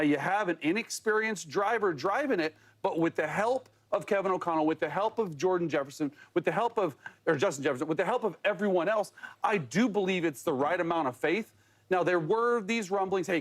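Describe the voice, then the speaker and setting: A man on a sports debate panel explains his position step by step, calm and measured. His voice is high for a man.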